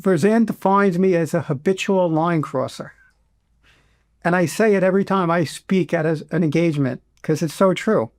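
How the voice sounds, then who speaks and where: A middle-aged man, a veteran guest in an interview, speaking with emotion and pausing often to restart. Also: sits high, dry recording, studio quality. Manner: emotional, halting, many restarts.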